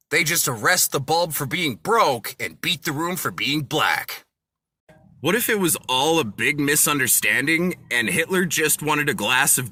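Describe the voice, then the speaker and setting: Guy reading dark jokes, really bright tone, voice swings all over. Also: mid-range voice. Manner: deadpan punchline delivery with lively swings. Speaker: comedy content creator.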